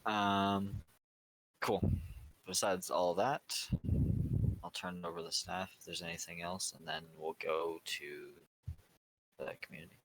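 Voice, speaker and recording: A man hosting a roleplay server's community meeting, rambling and halting with lots of fillers. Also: sits low, gravelly, fairly bright tone, poor audio. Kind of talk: casual community meeting talk.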